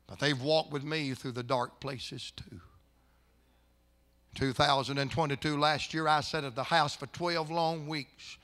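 An older man, a pastor, telling a story in a sermon, folksy at times and rising into impassioned, shouted preaching in a church. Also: medium pitch.

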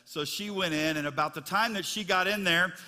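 A middle-aged man preaching to his congregation, easygoing and folksy, full of little asides and fillers. His voice is bright and forceful, sitting a touch high for a man, and it rings out with a long reverb through the church sanctuary. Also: fairly quick. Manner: folksy, chatty storytelling with many fillers. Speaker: pastor. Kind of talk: sermon.

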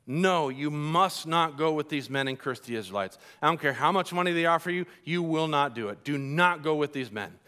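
A preacher voicing a stern commanding God. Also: male voice, fairly high pitch, animated, moderate pace, hardly any pauses, sharp tone, clean tone. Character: stern commanding male deity.

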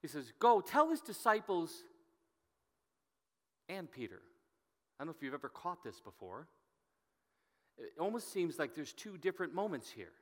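A man's voice: fairly high pitch, lively intonation, a little fast, long pauses. A man preaching a sermon, telling a Bible story and reading scripture aloud with rising emphasis. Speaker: pastor. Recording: long hall reverb.

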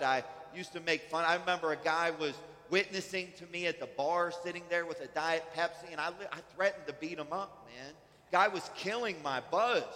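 A man's voice: on the high side, sharp tone, long reverb tail. A man preaching a sermon as pastor, in a conversational way with frequent restarts. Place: church sanctuary.

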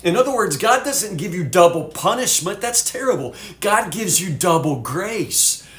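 A man's voice: sits high, very animated, moderate pace, a bit bright, reverberant. A man teaching from the Bible as a pastor, folksy and fervent, full of "you know"s.

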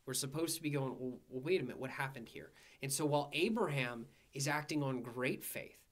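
A man's voice: mid-range voice, a little fast, fairly bright tone. A man co-hosting a church Bible study, reading scripture aloud and explaining it in a thoughtful, conversational way.

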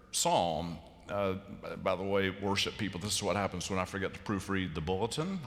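A middle-aged man preaching a sermon in a large church, telling stories with sudden loud bursts and sharp shifts in volume. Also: lowish voice. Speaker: pastor. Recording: long church reverb.

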